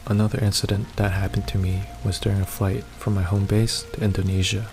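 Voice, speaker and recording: Low-voiced guy narrating a scary story, steady measured read, quiet music underneath. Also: vocal fry. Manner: steady, measured first-person reading. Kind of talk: scripted horror story narration.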